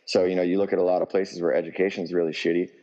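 Fired up guy on an interview, lots of swearing, low mellow voice, long reverb on it. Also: level tone, very fast, lo-fi sound. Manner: fired up, profane, emphatic ranting. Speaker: musician guest. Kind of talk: heated interview talk.

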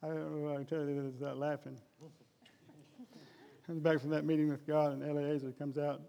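A man's voice: fairly high pitch, level tone, fairly quick, creaky, dark tone, in a large hall, highs cut off. A man preaching a humorous sermon in a folksy, jokey way. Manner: folksy, jokey, addresses crowd as guys.

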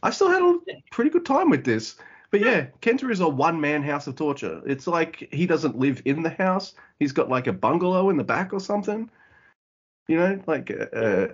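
A man co-hosting a podcast, chatting casually in an animated way, swearing and acting out quotes. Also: a little high, moderate pace, slightly rough. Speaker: podcast co-host. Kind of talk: casual chat. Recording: dull lo-fi audio.

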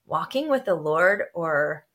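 A woman guest on a podcast, telling a personal story of forgiveness in an animated way, jumping high in pitch when she quotes herself. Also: slow. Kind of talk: personal testimony in conversation.

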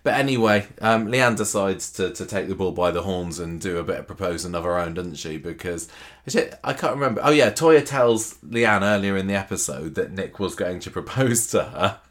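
Male podcast co-host, very low voice, chatty, stop-start delivery. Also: expressive, a little fast, hardly any pauses. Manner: chatty, hesitant with restarts, acts out quotes. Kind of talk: casual chat about a soap opera.

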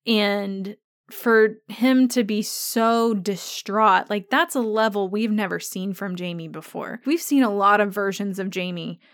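The host of a fan podcast, a woman with a medium-pitched voice, is recorded with clean studio sound and no room sound. She chats casually and gushes with enthusiasm about a favorite episode, rushing ahead at times.

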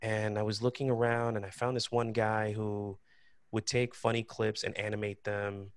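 A man who is an actor and cartoon creator, telling stories in a casual interview in an animated, expressive way. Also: fairly low pitch, moderate pace, clear, resonant tone, no echo.

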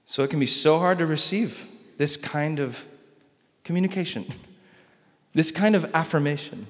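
A male pastor preaching a sermon, swinging between loud emphatic lines and soft hushed ones. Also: fairly high pitch, moderate pace, big-room sound.

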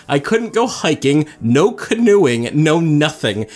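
A man's voice: a little high, big pitch swings, takes it slowly. A young man from New Jersey co-hosting a casual chat, teasing and sarcastic, swearing offhandedly. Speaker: podcast co-host.

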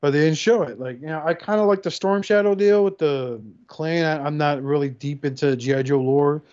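A man in casual podcast chat, profanely riffing and acting out quick voices. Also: on the high side. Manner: animated, profane, acts out voices. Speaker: podcast co-host. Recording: dull lo-fi sound.

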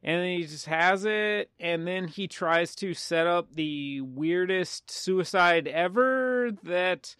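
A man's voice: high-pitched, slow, few pauses, fairly bright tone, clean tone, dry recording, studio quality. A man casually recapping a film's plot on a podcast, rambling and poking fun at himself. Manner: rambling, self-mocking plot summary. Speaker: podcast co-host. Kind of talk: casual movie-recap chat.

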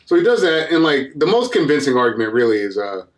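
A man casually recapping an old movie on a podcast, rambling and acting out the characters in quick voices. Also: medium pitch, sing-song. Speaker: podcast co-host.

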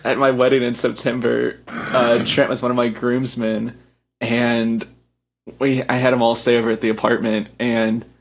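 A young man chatting casually on a group call, telling stories with a laugh. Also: medium pitch.

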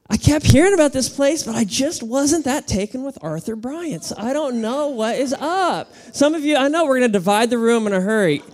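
A woman pastor preaching to a congregation in an animated, playful way, calling on the room to answer back. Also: a little high. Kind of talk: sermon. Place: church auditorium with congregation.

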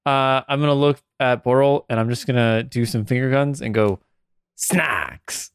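A man's voice: mid-range voice, steady tone, fairly quick, smooth, no room sound, studio quality. Easygoing man player in a tabletop game.

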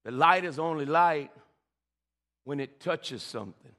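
A man's voice: a little high, a little slow, bright, forceful tone. A male pastor preaching a sermon, calling out to the congregation and stammering into repeated words as he builds. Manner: preaching with frequent stammered repeats and call-and-response. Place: church sanctuary. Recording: reverberant church hall.

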